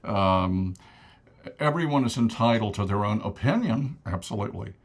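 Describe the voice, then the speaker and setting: A man's voice: fairly low pitch, expressive, moderate pace. A man co-hosting a TV talk show, explaining his ideas emphatically with joking asides. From United States. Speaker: co-host and author. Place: local TV studio.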